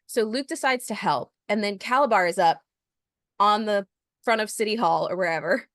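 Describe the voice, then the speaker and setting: A woman's voice: medium pitch, moderate pace, no echo, studio quality. A woman co-hosting a podcast, animatedly recapping a film in casual chat. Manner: animated storyteller, recapping scenes with laughter. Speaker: podcast co-host.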